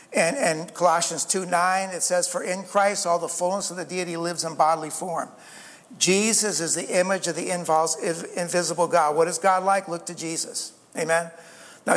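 A man's voice: high-pitched, a bit bright, big-room sound. A man preaching a sermon as a pastor, earnest, asking rhetorical questions and calling for amens.

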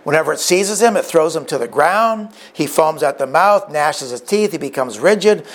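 A worn-out father begging for help for his son, his pleading edged with hysteria, as a preacher acts him out in a sermon. The voice sits fairly high and is only lightly acted. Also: expressive, moderate pace, close to an everyday voice.

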